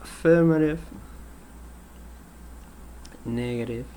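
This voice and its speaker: A man teaching an English grammar lesson, patient and explanatory, repeating example sentences and pausing with ums. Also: medium pitch, dark tone, a little hiss or hum.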